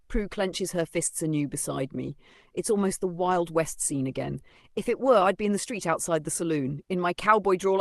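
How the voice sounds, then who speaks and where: A man's voice: sits high, moderate pace, vocal fry, no echo. A man narrating a first-person novel in a dry, sardonic storytelling manner. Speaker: audiobook narrator.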